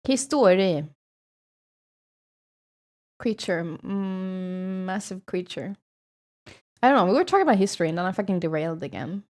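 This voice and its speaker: A woman's voice: mid-range voice, expressive, normal speed, long pauses, darkish tone. A woman from Sweden with a Swedish accent, streaming and chatting casually with viewers in a rambling, swearing style.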